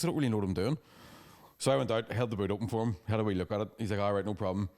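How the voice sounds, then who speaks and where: A man's voice: lowish voice, darkish tone. A man, telling rambling, sweary stories as a podcast co-host in casual chat. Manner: fast, sweary storytelling with laughing asides.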